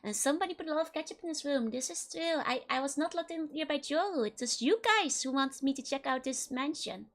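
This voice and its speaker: High-pitched girl streamer, playful, keeps giggling, saying hi to chat. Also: brisk, hardly any pauses. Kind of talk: live game stream chat.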